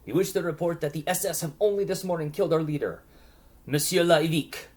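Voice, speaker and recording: A man voicing a big male prisoner who speaks formally and gravely. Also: on the high side, a little fast, darkish tone, pitched above the performer's own voice, lightly acted. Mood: solemn.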